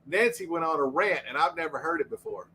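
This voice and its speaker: A fast-talking man with a fairly high voice co-hosts a casual livestream and tells rambling stories from his police days, tripping over his words as he goes. A faint hum runs under his voice. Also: expressive, pushed and bright, rough recording. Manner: rambling storytelling with repeated restarts. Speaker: co-host, former police officer.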